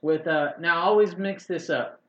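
A man rambles through a story in a folksy, casual way. His voice is bright and sits a little high. The podcast audio is dull and lo-fi, with a faint hiss behind it. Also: normal speed. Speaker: podcast co-host. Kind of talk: casual chat.

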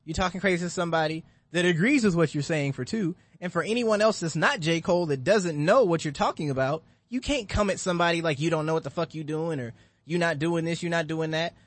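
A man in a casual podcast discussion, making his case with emphatic, animated energy. His voice sits somewhat high, and he swears freely as he argues his point. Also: fast, hardly any pauses, no room sound. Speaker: podcast host.

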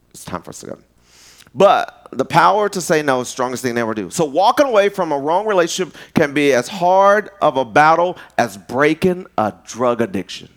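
A man preaching a sermon in an animated, storytelling way, jumping up in pitch when he acts out quoted voices, speaking.

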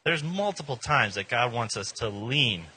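Animated, husky-voiced man preaching. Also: mid-range voice, moderate pace. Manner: informal, joking, animated. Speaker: pastor. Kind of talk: casual sermon.

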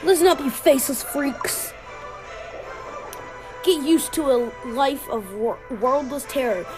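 A woman voicing a cruel, theatrical dark lord villain in a video game, hammy and menacing with evil laughs. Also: sits high, low-quality recording.

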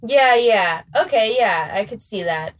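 A young woman in a casual music podcast who trips over her words and restarts them, giggling as she goes. Her voice sits at an ordinary mid pitch. She gives easygoing opinions on songs. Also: animated, unhurried. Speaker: podcast co-host. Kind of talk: casual music review chat.

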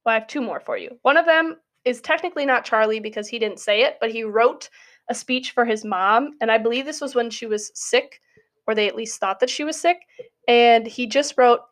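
A woman's voice: fairly high pitch, brisk. A young adult woman, a college student, talking through a casual spoken essay in a chatty, giggly way full of "like" fillers. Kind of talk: casual monologue.

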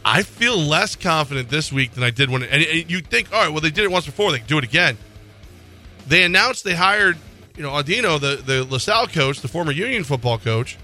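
A man co-hosting a sports talk radio show, talking casually in an animated, exasperated, questioning way. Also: fairly high pitch.

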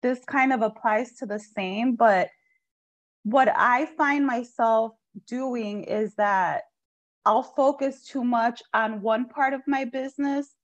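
A woman joins a group call to share something, speaking slowly and hesitantly. Her voice sits fairly high, and the call audio is dull and lo-fi. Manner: hesitant, searching for words. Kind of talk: casual sharing.

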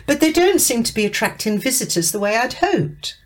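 A woman's voice: on the high side, sing-song, fairly quick, pitched above the performer's own voice. A woman voicing a bossy female director. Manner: firm, bossy and persuasive. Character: stern female programme director, pushy and brisk. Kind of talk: reading a story aloud.

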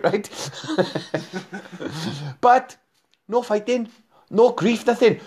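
A Welsh man with a high voice that leaps up and down, swearing freely as he rants among his friends. He laughs often and keeps a casual, rowdy banter going. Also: animated, extremely slow, pauses often, a little mellow. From Wales. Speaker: podcast host.

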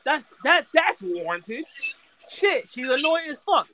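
A man with a notably high voice rants about wrestling crowds on a casual podcast. He swears freely and talks in an animated, indignant way. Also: moderate pace. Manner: animated, profane, indignant ranting. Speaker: podcast co-host.

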